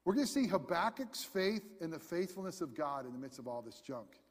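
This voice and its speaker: A man preaching a sermon as pastor, animated, acting out voices in his storytelling. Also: a little high, brisk. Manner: animated, acts out prophet and God in voices. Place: church sanctuary. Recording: long reverb in a large room.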